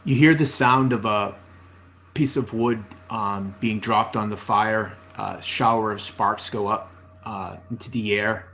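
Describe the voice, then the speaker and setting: A man narrating as game master for a tabletop game, slow and halting with many fillers. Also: fairly low pitch, steady tone, a bit bright, a little hiss or hum.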